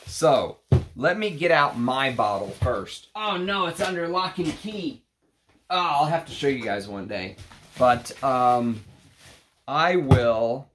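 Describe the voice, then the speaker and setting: A man with a Texas accent hosting a casual perfume unboxing vlog, rambling and talking to the bottles. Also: mid-range voice. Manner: slow, rambling, talks to the bottles. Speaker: perfume channel host.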